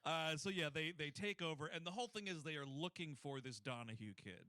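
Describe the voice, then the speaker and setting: A man's voice: fairly high pitch, brisk, bright, forceful tone, no echo. A man in casual conversation, animatedly recapping a film scene by scene, peppering his talk with "like" and swearing. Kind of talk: casual film-discussion chat.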